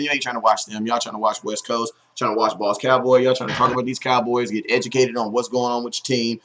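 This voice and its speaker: A man's voice: fairly high pitch, pushed and bright, poor audio. A man hosting a live sports talk stream, chatting casually in slang and greeting viewers one by one by name.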